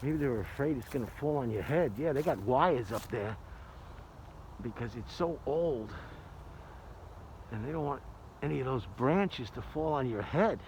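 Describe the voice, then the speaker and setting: A man's voice: medium pitch, lively intonation, unhurried, long pauses, a little mellow, a little hiss or hum, rough recording. An older retired man rambling and joking as he films a casual walking vlog outdoors. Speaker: vlogger. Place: outdoors in an arboretum.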